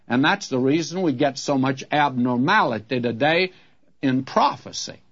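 A man's voice: mid-range voice, husky, highs cut off. A man teaching the Bible in a sermon, talking earnestly and folksy straight to his listeners.

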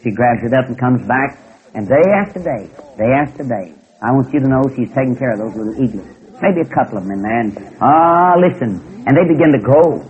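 A preacher tells a folksy story in a lively, repeating rhythm. His voice sits in an ordinary middle pitch. The sound is thin and narrow, like a phone line. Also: brisk. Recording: tinny phone-like recording.

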